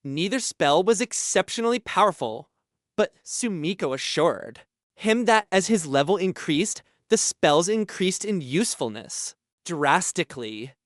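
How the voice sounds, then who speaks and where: A male audiobook narrator reading fantasy in a measured, expressive way. His pitch swings widely while he keeps an unhurried pace. The studio sound is very dry and close. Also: dry recording.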